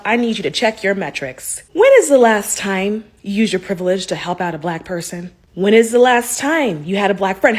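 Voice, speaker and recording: A woman's voice: medium pitch, slightly rough. A woman lecturing in a confrontational social media rant.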